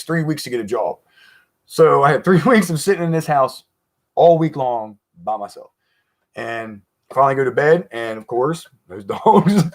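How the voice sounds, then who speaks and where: Brief: man, mid-pitched, loose rambling storyteller, live-chat guest, laughs as he goes. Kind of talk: casual storytelling on a live stream.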